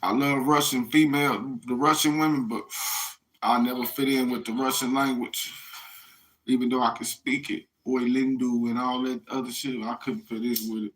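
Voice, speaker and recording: A man's voice: medium pitch, fairly even intonation, normal speed, fairly bright tone. A man from the United States rambling in a casual monologue, profane and slangy, talking straight to his listeners. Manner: profane, slangy street talk, addressing listeners directly.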